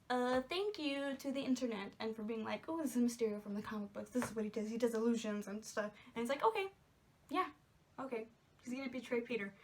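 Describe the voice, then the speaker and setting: A woman's voice: sits high, fairly bright tone. A young woman chatting casually in a movie review, gushing and giggly, rambling with lots of "like"s. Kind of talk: casual spoiler review chat.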